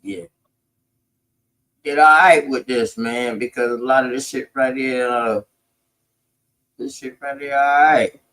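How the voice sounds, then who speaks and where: A man's voice: medium pitch, steady tone, measured pace, long pauses, a bit bright, low-quality recording. A man, talking through history in a casual, profane, emphatic way. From South Carolina, United States. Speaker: podcast host.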